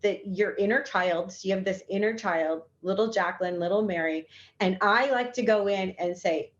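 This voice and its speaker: A woman's voice: mid-range voice, normal speed. A woman speaking as a healer in an interview, enthusiastic and acting out little inner dialogues as she explains. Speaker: guest healer. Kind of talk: conversational interview. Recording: dull lo-fi audio.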